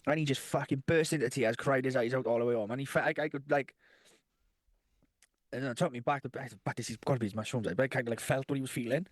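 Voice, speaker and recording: A man's voice: mid-range voice, fast talker, dry recording, clean studio sound. A man in his thirties, a podcast co-host telling rambling stories in casual chat and swearing constantly.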